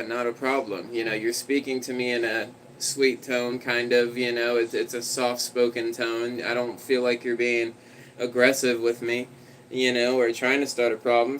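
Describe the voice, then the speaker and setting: A man's voice: mid-range voice, little pitch movement, normal speed, fairly bright tone, slight background noise, poor audio. A man livestreaming, telling a story in a rambling, conversational way and talking to his dog.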